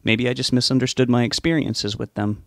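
A man's voice: mid-range voice, steady tone, fairly quick, creaky, no room sound, studio quality, natural voice. A man reading an audiobook, voicing an anxious, stubborn young man who talks in an earnest, pleading way. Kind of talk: audiobook character voice.

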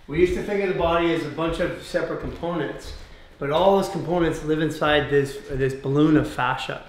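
A man leading a guided fascia exercise class, giving calm step-by-step cues and explaining as he goes. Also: a little high, a little hiss or hum. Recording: roomy echoey room.

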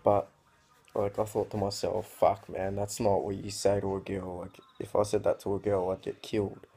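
A man's voice: sits low, little pitch movement, moderate pace, creaky, warm tone, breathy edge. A teenage man, ranting casually to camera in a sweary, rambling way. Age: teens. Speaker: vlogger.

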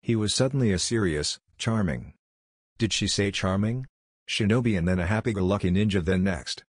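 A man reading a fan-fiction story aloud as narrator, in an even, unhurried way. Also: lowish voice, husky, no echo, clean studio sound.

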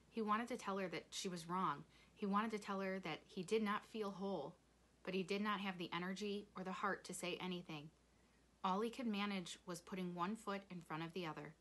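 A woman reading a children's novel aloud in measured storytelling. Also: medium pitch, a bit bright. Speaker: reader.

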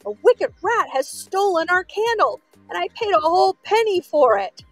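A woman voicing a determined young farm boy who is quick to anger, shouting excitedly in a storybook reading. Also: high-pitched, no echo, recorded from a distance, faint music behind, exaggerated voice. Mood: upset. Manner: loud, excited exclamations.

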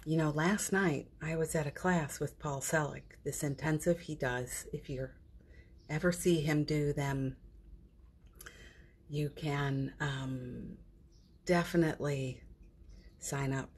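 A woman's voice: low-pitched, slow, long pauses, slightly rough. A woman hosting a daily live stream from her phone at home, chatting casually about spiritual matters, laughing often and trailing off mid-sentence.

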